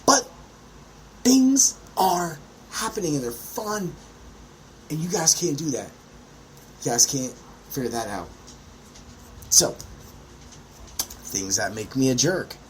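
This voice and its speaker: A man hosting his own podcast, ranting in a brash, profane monologue with sudden high yelps. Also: expressive, takes it slowly, pauses often, slight background noise, rough recording. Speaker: podcast host.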